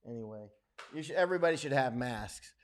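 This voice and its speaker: A middle-aged man hosting a casual livestream, talking bluntly and with strong opinions, often dropping his voice low and quiet at the ends of phrases. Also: lively intonation, fast. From United States. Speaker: livestream host.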